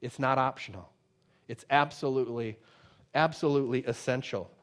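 A man preaching a sermon, emphatic and conversational, swinging between loud declarations and quiet asides. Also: medium pitch, moderate pace. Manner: emphatic preaching, rising and dropping in volume; conversational asides with many fillers. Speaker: pastor.

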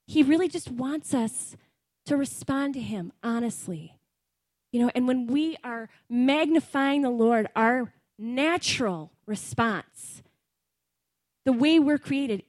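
A woman's voice: high-pitched, takes it slowly, darkish tone, no room sound. A middle-aged woman preaching a sermon in an earnest, conversational way, often slipping in ums and asides.

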